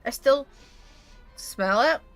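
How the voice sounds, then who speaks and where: A woman's voice: a little high, takes it slowly, soft background music. A young woman streaming a game, reading it aloud with chatty asides. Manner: chatty, animated asides, talks with food in mouth.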